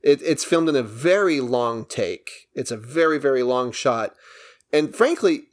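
A man co-hosting a casual film podcast, walking through a movie's story with obvious enthusiasm. His voice sits at an ordinary middle pitch, and he keeps the plot retelling going at length. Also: lively intonation, unhurried. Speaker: podcast co-host. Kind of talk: casual film review chat.

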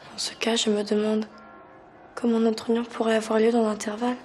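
An actress playing a cold, proud young French princess with a French accent, speaking in a cool, guarded way. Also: female voice, on the high side, flat delivery, quick pace, a little mellow, lightly acted.

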